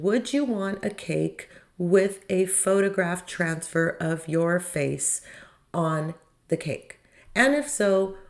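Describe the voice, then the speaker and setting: Low-voiced woman recapping with wry opinions. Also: vocal fry, darkish tone. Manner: opinionated, wry asides and rhetorical questions. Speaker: podcast host. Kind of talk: casual recap commentary.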